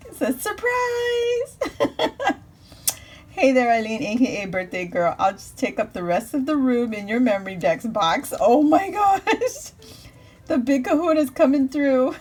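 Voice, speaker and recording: A woman vlogger with a slightly high, darkish, breathy-edged voice opens handmade birthday crafts on a phone camera, gushing to her viewers. Her intonation is lively and her pace measured as she chats casually, squeals with delight and laughs a lot.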